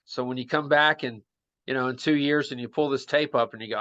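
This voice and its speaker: A man co-hosting a casual political chat, his voice bright and forceful. He talks with confidence and throws out bold predictions. The sound is dull and lo-fi. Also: medium pitch, fairly quick. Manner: opinionated, makes bold predictions. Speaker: podcast co-host.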